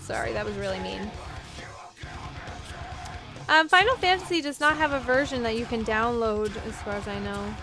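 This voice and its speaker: A young woman commenting on her own gameplay, giggling, squealing and reacting excitedly. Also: fairly high pitch, normal speed, pauses often, over music. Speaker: gameplay video host.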